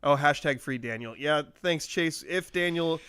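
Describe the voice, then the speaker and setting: A man's voice: on the high side, normal speed, pushed and bright, clean tone, dry recording, clean studio sound. A man hosting a casual sports podcast, joking and rambling, with frequent laughs. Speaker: podcast host.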